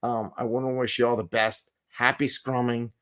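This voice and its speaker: A man's voice: mid-range voice, flat delivery, normal speed, a bit bright, clean tone. A middle-aged man hosting a casual live show from home, talking earnestly and rambling, with repeats and small laughs. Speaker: agile coach and show host. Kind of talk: casual live-stream talk. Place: home, with a cat nearby.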